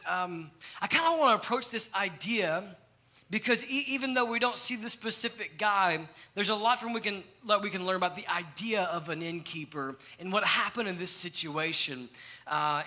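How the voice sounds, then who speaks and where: A young adult male pastor, preaching a sermon with animated storytelling and acted-out quotes. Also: sits high.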